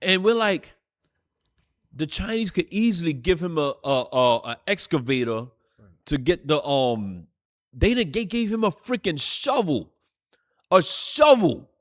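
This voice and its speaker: A man's voice: on the high side, expressive, unhurried. A man teaching a church class, telling a story with fiery, profane outbursts. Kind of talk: preaching class lesson.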